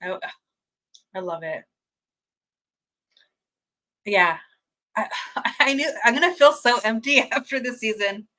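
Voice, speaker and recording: A woman hosting a fan watch-party stream, chatting casually and reading out viewer comments, gushing and excitable, laughing often and restarting her sentences. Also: on the high side, takes it slowly, long pauses, low-quality recording.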